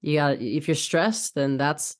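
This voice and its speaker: A woman's voice: low voice, measured pace. A woman hosting a podcast interview, speaking casually and thoughtfully, often repeating words as she works out her point. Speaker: podcast host, chiropractor.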